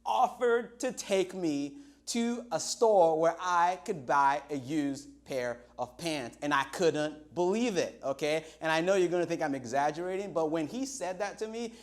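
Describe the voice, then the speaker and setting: Speaking at a measured pace in a slightly high voice, a middle-aged man from Nigeria, a pastor with a Nigerian accent, delivers a livestreamed sermon. He tells it in an animated storytelling way and draws out words for emphasis.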